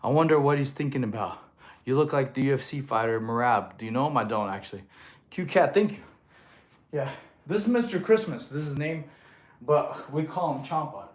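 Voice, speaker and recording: A Russian man in his thirties streams live as a fitness coach, chatting casually through viewer comments while a little out of breath from exercising. His mid-range voice is expressive and a bit fast.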